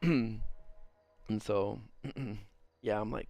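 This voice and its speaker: A man's voice: mid-range voice, animated, normal speed, darkish tone. A man on a live stream reading a story aloud and ranting about it, rambling and swearing, often laughing at what he reads. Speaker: streamer reading viewer stories. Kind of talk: casual live-stream commentary.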